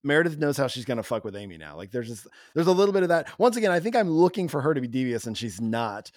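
Chatty male co-host, mid-pitched, dry booth sound, playful asides. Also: sing-song, quick pace, no echo. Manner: chatty, giggly, drifts into playful quote voices. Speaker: podcast co-host. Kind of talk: casual film discussion.

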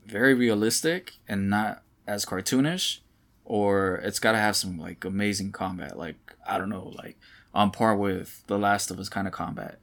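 Low-voiced man, hesitant and blunt. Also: normal speed, fairly bright tone. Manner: hesitant restarts, casual swearing. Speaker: podcast co-host. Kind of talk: casual chat about video games.

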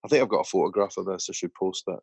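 A man hosting a podcast tells stories in a casual, chatty way. His voice is low, gravelly, husky and darkish, he talks very fast, and there is no room sound.

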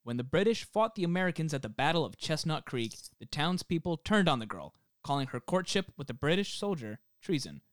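A man co-hosting a casual podcast, reading a legend aloud from his notes in an animated way. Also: on the high side, a little fast, few pauses, no room sound, clean studio sound. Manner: animated, reads the story aloud. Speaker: podcast co-host, story reader.

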